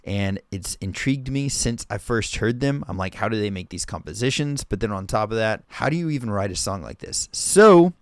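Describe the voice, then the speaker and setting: Male reaction host, excitable, dry close room sound. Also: lowish voice, normal speed, few pauses, no echo. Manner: excitable, loud bursts of amazement. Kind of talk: casual reaction chat. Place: home streaming room.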